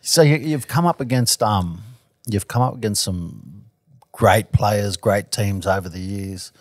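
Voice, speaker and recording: A man's voice: lowish voice, unhurried, no echo, clean studio sound. A man co-hosting a podcast, asking guests direct questions in a blunt, casual way. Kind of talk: casual interview chat.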